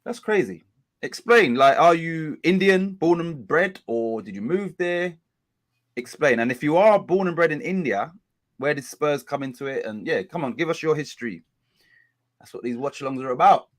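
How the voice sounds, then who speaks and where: A man's voice: on the high side, lively intonation, moderate pace. A man hosting a football watch-along stream, talking in a rambling, chatty way and often correcting himself. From England. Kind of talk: casual live-stream chat.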